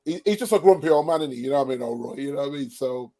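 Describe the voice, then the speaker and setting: A man's voice: mid-range voice, animated, rapid-fire, dark tone. A man co-hosting a football podcast in casual chat, opinionated and repeating his points for emphasis. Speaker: podcast co-host.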